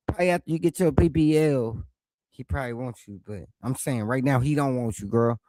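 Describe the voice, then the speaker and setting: A man reacting to a podcast clip, talking back at the screen in a loud, mocking, teasing way. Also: mid-range voice, brisk, no room sound. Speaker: reaction streamer. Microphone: headset.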